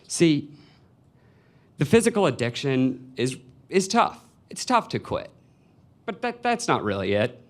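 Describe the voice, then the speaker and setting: A man's voice: on the high side, big pitch swings, unhurried, pauses often. A man in his twenties telling a personal story live on stage, in a wry, confessional way. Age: 20s. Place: stage before a live audience.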